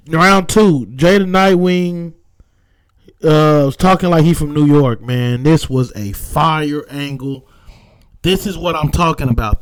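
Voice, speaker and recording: A man with a Southern American accent gives a loose, slangy recap of rap battles, delivering emphatic verdicts. His voice is fairly high-pitched, and the recording has no echo.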